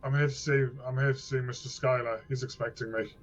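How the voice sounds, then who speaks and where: A man's voice: medium pitch, flat delivery, fast talker, dull audio. A man playing an investigator in a tabletop role-playing game, firm and blunt in his questioning. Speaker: player. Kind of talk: in-character tabletop role-play.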